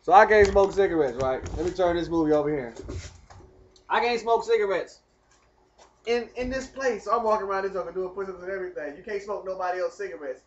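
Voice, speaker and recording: A man telling a rambling personal story in casual, animated talk. He speaks straight to the viewer and keeps asking whether they follow. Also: sits high, fast, muffled recording, slight background noise. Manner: animated, talks straight to the viewer, keeps asking "you know what I mean". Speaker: vlogger telling his story.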